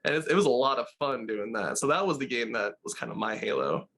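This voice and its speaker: A man's voice: medium pitch, sing-song, quick pace, a bit bright. A young man chatting as a podcast guest, teasing his co-host and chuckling often. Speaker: guest, gaming channel co-host. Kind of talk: casual podcast chat.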